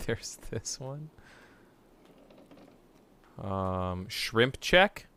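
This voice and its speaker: Goofy bright-voiced male streamer. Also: mid-range voice, measured pace, long pauses, no room sound, clean studio sound. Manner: playful and goofy, with sudden loud shouts. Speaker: game streamer. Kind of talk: casual live-stream chat.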